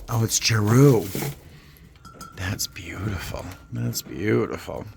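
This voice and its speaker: A man vlogging from inside an antique store, gushing excitedly over finds and often dropping to a whisper to himself. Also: on the low side, creaky, a little hiss or hum. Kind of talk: casual vlog commentary.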